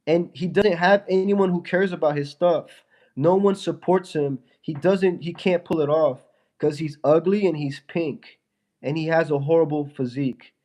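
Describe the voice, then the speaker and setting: A young man trash-talks and laughs at a viewer during a casual livestream. His nose is stuffy from a fever. His voice sits a little high. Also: mellow. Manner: mocking, trash-talking, laughing at a chat viewer.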